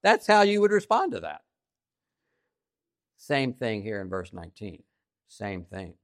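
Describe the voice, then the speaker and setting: Emphatic, lively-voiced male preacher. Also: a little high, a little slow, pauses often, clear, resonant tone, no room sound, clean studio sound. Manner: emphatic, repeats key phrases for stress; swings between loud emphasis and quiet asides. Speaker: pastor. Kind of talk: sermon.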